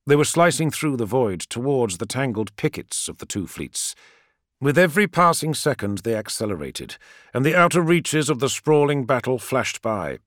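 A man narrates a novel with expressive delivery. His pitch moves widely across each sentence. The sound is dry and close, with no room around it. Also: moderate pace, dry recording. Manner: expressive storytelling. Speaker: audiobook narrator. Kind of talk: scripted narration.

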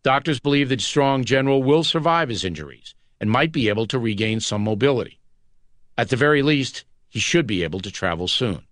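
A man narrating a nonfiction audiobook in a measured, dramatic scripted read. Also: medium pitch, expressive, fairly bright tone, no room sound.

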